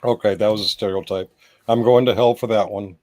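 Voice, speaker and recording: A man's voice: fairly low pitch, steady tone, brisk, dark tone, no echo. A man hosting a casual livestream, joking and irreverent, swearing now and then. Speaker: livestream host.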